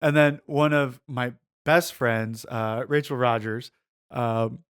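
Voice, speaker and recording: This podcast co-host speaks slowly in a clean-toned, mid-range voice with fairly even intonation. He's a rambling storyteller, chatting casually and leaning on lots of fillers and quoted asides in which he mimics others.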